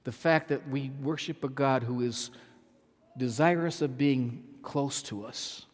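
A man preaching a sermon as pastor, emphatic, repeating phrases and swinging from loud to soft. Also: medium pitch, unhurried, in a large hall. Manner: emphatic, repeats phrases, swells and drops in volume.

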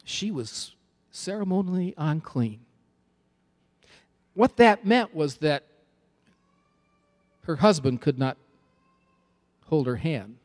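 Emphatic preaching man, slightly higher voice. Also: animated, slow pace, long pauses. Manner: emphatic, repetitive preaching cadence. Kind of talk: sermon.

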